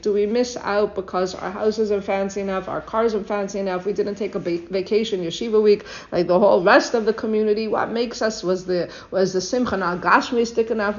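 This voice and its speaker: A woman's voice: medium pitch, darkish tone. A woman teaching a weekly Torah lesson in an earnest, exhorting way, full of rhetorical questions, on a dull lo-fi recording.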